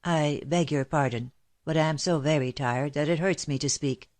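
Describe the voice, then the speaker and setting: A woman reading aloud, voicing an exhausted, thin, wary man who speaks low and hesitantly. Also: normal speed, darkish tone, natural voice. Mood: weary.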